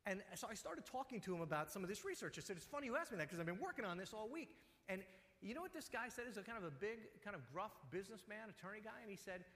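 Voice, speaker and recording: A man's voice: high-pitched, sing-song, quick pace, a bit bright. A man preaching a sermon as pastor, talking conversationally and telling personal stories. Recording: long hall reverb.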